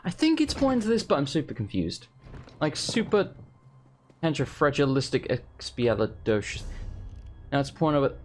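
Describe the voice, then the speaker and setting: A man's voice: fairly high pitch, big pitch swings, normal speed, pauses often, slight background noise. A young man doing casual gameplay commentary, rambling and exasperated as he talks to himself. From England. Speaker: let's play host.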